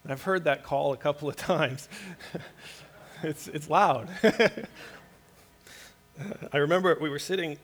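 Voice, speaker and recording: Male pastor who preaches casually but earnestly, restarts his phrases often, and has a slightly higher voice. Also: measured pace, long pauses. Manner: conversational, earnest, with frequent restarts and light laughter. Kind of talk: sermon.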